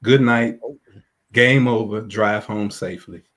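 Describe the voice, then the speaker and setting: A man's voice: on the low side, fairly even intonation, a little slow, crowd noise. A man on a livestream panel, making emphatic, slogan-like declarations. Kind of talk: heated livestream talk.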